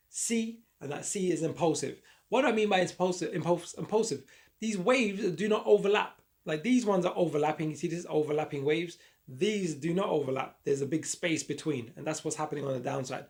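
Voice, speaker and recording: A man teaching a chart lesson with a croaky voice, upbeat and repetitive as he talks through his drawing on the screen. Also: on the high side. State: croaky voice, frog in throat. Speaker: trading educator.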